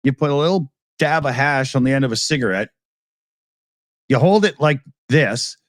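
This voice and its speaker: A man's voice: mid-range voice, expressive, normal speed, no echo, studio quality. A man hosting a casual talk show, telling rambling stories with lots of laughs. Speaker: show host. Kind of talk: casual chat.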